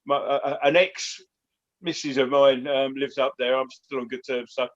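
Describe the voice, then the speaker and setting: A man's voice: medium pitch, level tone, normal speed. A man telling anecdotes as a guest on a casual football chat, with stammered restarts. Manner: stammering restarts, chuckling storyteller. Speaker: panel guest. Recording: slightly dull remote call audio.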